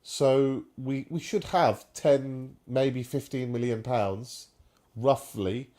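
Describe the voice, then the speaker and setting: A man's voice: medium pitch, steady tone, slow pace, warm tone. A man co-hosting a casual live fan stream, chatting and bantering. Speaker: fan podcast co-host.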